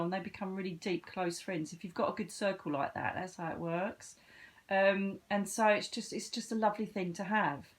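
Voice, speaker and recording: A woman, a psychic medium chatting to camera in a casual, animated storytelling way. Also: mid-range voice. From Britain. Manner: chatty and animated, with sudden lively lifts of voice.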